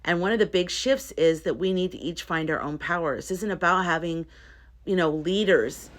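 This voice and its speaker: A woman's voice: on the low side, normal speed. A woman talking to camera in a casual vlog, earnest and rambling, often interrupting herself. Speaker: spiritual content creator.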